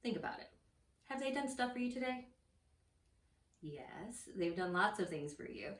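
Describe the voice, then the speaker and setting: A woman's voice: mid-range voice, moderate pace, distant mic. Woman telling kids a Bible story. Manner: animated storytelling, addressing children directly. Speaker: children's ministry teacher. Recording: echoey room, voice off-mic.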